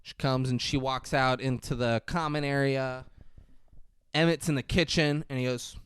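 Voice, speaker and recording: A young man co-hosting a casual film review podcast, an animated storyteller who swears freely and slips into mock outrage. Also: mid-range voice, normal speed, smooth, no room sound. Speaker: podcast co-host.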